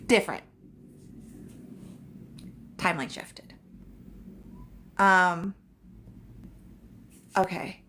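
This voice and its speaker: A chatty woman talking into her phone on a psychic livestream, her voice sitting a touch low. She keeps it loose and unscripted, swears freely and hammers key phrases through repetition. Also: moderate pace, long pauses, fairly bright tone. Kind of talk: casual livestream chat.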